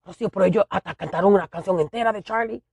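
A stubborn, bewildered older father who halts on little fillers and digs in when corrected, as a woman puts him on. His voice carries a gravelly rasp. It sounds close and dry. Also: darkish tone, dry recording. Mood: insistent. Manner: pitched up, halting with "eh" fillers.

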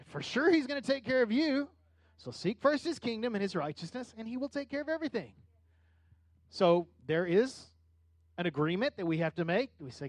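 High-voiced man preaching, dry sound. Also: moderate pace, no room sound. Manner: conversational preaching with rising animated bursts. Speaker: pastor. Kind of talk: sermon.

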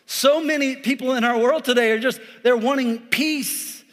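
A man's voice: very high voice, moderate pace, in a large hall. A man in his forties, a pastor preaching a sermon in a church in a joking, conversational way, often checking in with the congregation. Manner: joking, conversational preaching with frequent "all right?". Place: church sanctuary.

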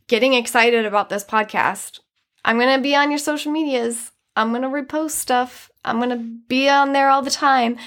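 A woman's voice: high-pitched, fairly bright tone. A young woman hosting a podcast, talking alone in a chatty, earnest way with many fillers. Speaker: podcast host. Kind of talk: casual solo monologue.

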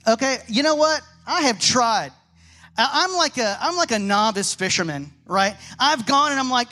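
A man preaching a sermon to a congregation, telling animated stories and asking rhetorical questions. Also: very high-pitched, normal speed. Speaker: pastor.

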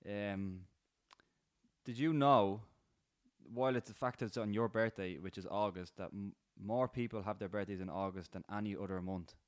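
An Irish man in his thirties co-hosts a casual podcast in a lowish voice. He talks in a relaxed way and chimes in with short remarks. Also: moderate pace, dry recording, clean studio sound. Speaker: podcast co-host. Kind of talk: casual chat.

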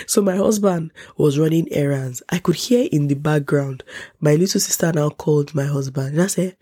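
A young woman with a Nigerian accent recounts a story to camera, dramatic and full of laughs. Her voice sits a little low and has a husky, breathy edge, and she sounds congested from a cold. She jumps up in pitch whenever she quotes someone. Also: moderate pace, mellow, dry recording, studio quality. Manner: dramatic, acts out quotes in a raised voice, laughs often. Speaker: vlogger. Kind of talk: animated storytelling.

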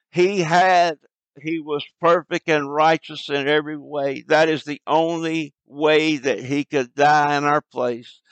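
A man preaching an evangelistic sermon, slow and earnest, pleading with his listeners. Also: fairly high pitch, dry recording, poor audio.

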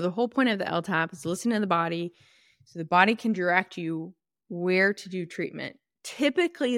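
Woman podcast host, lowish voice, casual and emphatic, self-correcting, close dry mic. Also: a bit bright, no room sound. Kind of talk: solo podcast talk.

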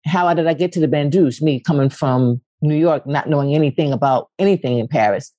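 Woman from Philadelphia, interview guest, lively storytelling, acts out voices, casual swearing, dry close sound. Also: a little fast, no room sound. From West Philadelphia, USA. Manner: animated, acts out quotes with big pitch leaps, casual swearing. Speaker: guest, poet and actress. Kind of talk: candid storytelling conversation.

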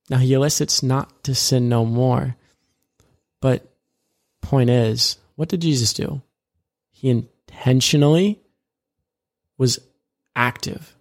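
A man with a gravelly, creaky edge in a mid-range voice, talking through faith in a loose, conversational way. He rambles, corrects himself, and retells scripture scenes in plain everyday words. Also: mid-range voice, fairly even intonation, takes it slowly, pauses often. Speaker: co-host of a discipleship podcast. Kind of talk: casual faith discussion.

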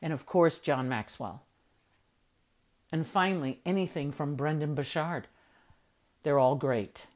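A woman's voice: low-pitched, a little slow, long pauses, a little mellow. A middle-aged woman hosting a weekly motivational talk, encouraging listeners and repeating key phrases for emphasis. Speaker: host of a weekly motivational show.

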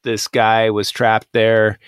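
A man co-hosting a podcast, chatting casually and retelling scenes with animated energy and frequent laughter. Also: fairly low pitch, slow pace, clear, resonant tone, no room sound, clean studio sound. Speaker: podcast co-host. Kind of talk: casual chat.

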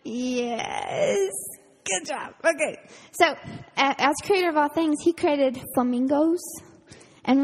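A woman camp counselor, giving a casual, earnest youth sermon full of fillers and quick laughs. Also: sits high, slight background noise. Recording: reverberant hall.

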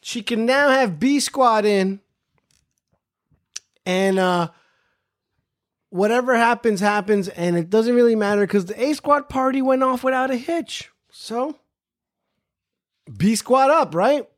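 A man's voice: very high voice, slow, long pauses. A man hosting a podcast, telling a casual, profane story and repeating phrases for emphasis. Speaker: podcast host.

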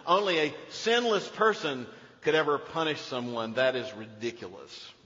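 A man preaching a sermon as pastor, animated, moving between loud emphasis and hushed storytelling. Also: medium pitch, moderate pace. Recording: dull sound in a reverberant hall.

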